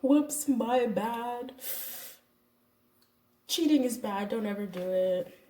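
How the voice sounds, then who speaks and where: Chatty YouTuber in her twenties, self-deprecating, mellow tone, recorded a bit far off in an echoey room. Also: mid-range voice, a little hiss or hum. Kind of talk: casual confessional story time.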